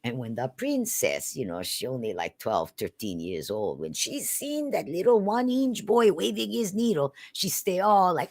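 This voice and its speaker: A woman from Hawaii with a Hawaiian Pidgin accent, telling a folk tale in an animated, chatty way with frequent tag questions. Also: low-pitched, moderate pace, hardly any pauses, no echo, studio quality. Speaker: storyteller. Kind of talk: lively folk-tale storytelling.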